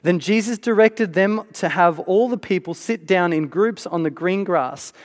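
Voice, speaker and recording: High-voiced preacher, echoing hall. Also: male voice, unhurried. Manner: conversational, keeps asking the audience "right?". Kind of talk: sermon. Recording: long reverb of a large hall.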